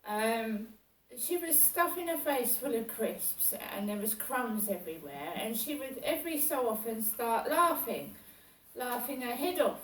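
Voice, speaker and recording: Woman, unhurried rambling storyteller, highish voice, recorded from across an echoey room. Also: sing-song, fairly bright tone. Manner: rambling and halting, with many fillers and restarts. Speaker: vlogger. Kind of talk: casual personal storytelling. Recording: roomy sound from a distance.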